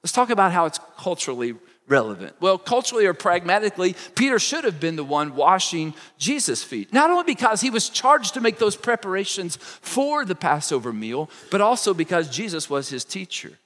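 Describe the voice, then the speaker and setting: Male pastor, expressive sermon delivery, reverberant sanctuary sound. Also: sits high, a little fast, few pauses. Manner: expressive preaching, acts out quoted lines.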